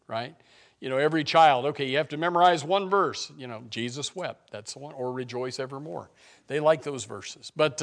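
In this sermon, a man serving as pastor moves back and forth between forceful declarations and hushed, low statements, asking the congregation questions he doesn't expect answered.

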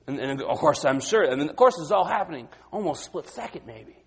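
Husky-voiced man preaching a sermon. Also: big pitch swings, brisk. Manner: dynamic, swings from quiet to loud and high when acting out the disciples.

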